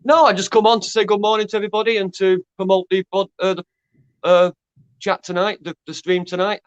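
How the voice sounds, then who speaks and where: A man with a Northwest England accent, chatting as a guest gardener on a video call, deadpan and halting with restarts. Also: high-pitched, clear, resonant tone, no room sound, lo-fi sound. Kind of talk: casual chat.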